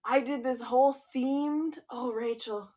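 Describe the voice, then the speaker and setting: A woman's voice: high voice, fairly even intonation, measured pace, mellow, muffled recording. A young woman co-hosting a podcast, chatting casually in an enthusiastic, jokey way. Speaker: podcast co-host. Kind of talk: casual chat.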